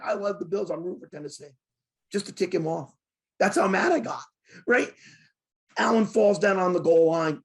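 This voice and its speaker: An excitable man hosts a sports talk show and tells a long story about arguments with fans. His voice sits a little high, and he leaps up whenever he acts out what other people said. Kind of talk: animated storytelling in casual chat.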